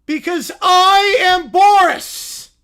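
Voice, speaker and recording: A man voicing a pompous male referee who loudly and slowly announces himself, read aloud from a story on a stream. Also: heavily acted. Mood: anguished. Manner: booming, slow, declaiming self-important shouts.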